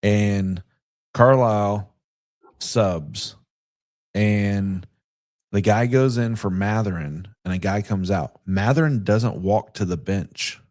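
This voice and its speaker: A man co-hosts a casual sports podcast in a slightly low voice. He talks easily and tells stories, dropping in little quoted asides as he goes. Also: takes it slowly, a little mellow. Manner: chatty storyteller who retells events with quoted asides. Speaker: podcast co-host. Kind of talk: casual sports talk chat.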